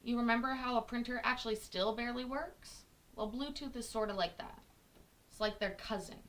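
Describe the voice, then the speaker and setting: A woman's voice: fairly high pitch, a little fast, fairly bright tone, a little hiss or hum. A young woman, born in Scotland, chatting casually as a host and poking fun at herself with a giggle. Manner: chatty, self-mocking, giggly. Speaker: host reacting to court videos. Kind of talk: casual chat.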